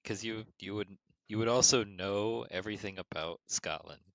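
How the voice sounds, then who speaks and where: A man's voice: fairly low pitch, normal speed, creaky, a bit bright, dry recording. A man co-hosting a podcast in casual chat, answering with dry, skeptical teasing. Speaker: podcast co-host.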